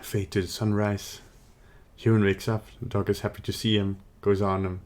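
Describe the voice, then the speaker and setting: A man hosting a casual live stream, rambling in a relaxed way with many fillers. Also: fairly low pitch, moderate pace.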